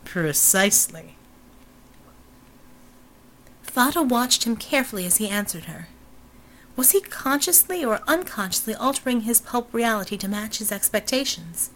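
A woman reading narration of a novel in a measured, even storytelling manner. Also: on the high side, slight background noise, rough recording. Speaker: audiobook narrator. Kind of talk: scripted narration.

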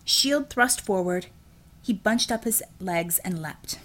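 Woman, audiobook narrator, steady, measured, mid pitch.

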